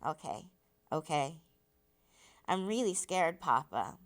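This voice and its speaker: A woman voicing a frightened young boy who pleads softly, while reading a novel aloud. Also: deep voice, lively intonation, takes it slowly, exaggerated voice. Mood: scared. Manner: soft, pleading questions.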